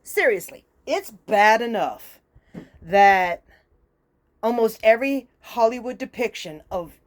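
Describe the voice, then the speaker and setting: A woman's voice: on the high side, lively intonation, slow. Fired-up woman ranting. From Louisiana. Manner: exasperated, profane, fired-up ranting. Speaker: host. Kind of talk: ranting casual monologue.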